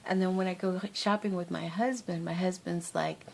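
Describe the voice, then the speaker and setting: A woman with a notably low voice talks casually to her viewers about crafting. She rambles from story to story and laughs often. A faint low rumble sits under her voice. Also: steady tone, normal speed, gravelly, darkish tone. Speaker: crafting vlogger. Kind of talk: casual chat to camera.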